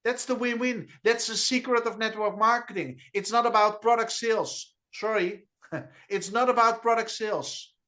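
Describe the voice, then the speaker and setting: Unusually high-pitched for a man, this Dutch-accented network marketing trainer sounds bright, steady, and forceful on a video call. Eager and fired up, he pushes his team by hammering key phrases repeatedly, tripping over quick restarts and stutters.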